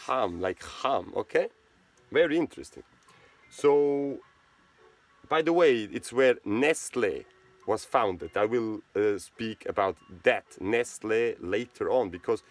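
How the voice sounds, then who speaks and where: A man from Switzerland who speaks with a Swiss German accent, talking in a rambling casual monologue and often checking in with "right?". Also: medium pitch. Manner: rambling, repeats words, asks "right?". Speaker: channel host.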